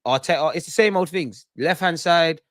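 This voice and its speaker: A man's voice: fairly high pitch, normal speed, a bit bright, dry recording. A young man hosting a live football watch-along, heckling penalty takers and ranting casually. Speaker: football fan channel host.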